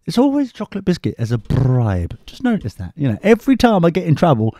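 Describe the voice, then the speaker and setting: A man's voice: on the high side, wildly swooping pitch, fast talker, mellow, no room sound, clean studio sound. A man hosting a podcast, rambling through a comic story with sarcastic asides to the listener. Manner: chatty, self-mocking, sarcastic asides to the listener. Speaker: podcast host.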